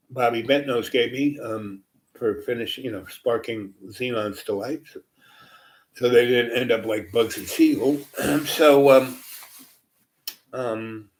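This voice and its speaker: A man's voice: medium pitch, a little mellow. An older man telling a long personal story in a rambling way, full of fillers, asides and restarts. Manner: meandering, many fillers and asides.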